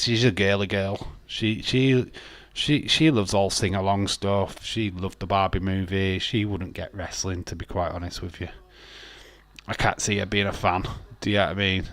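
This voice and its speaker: Low-voiced man chatting on stream. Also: fairly bright tone, no echo. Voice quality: rambling, blunt, repeats words, laughs often. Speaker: wrestling watch-along streamer. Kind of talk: casual live-stream chat.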